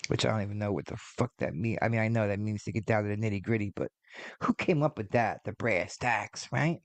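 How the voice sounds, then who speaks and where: A man's voice: fairly low pitch, fairly quick, no room sound. Guy in his 40s ranting on his podcast, swears a lot, rambles, dry close sound. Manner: profane, rambling, exasperated. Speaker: podcast host. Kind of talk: casual ranting monologue.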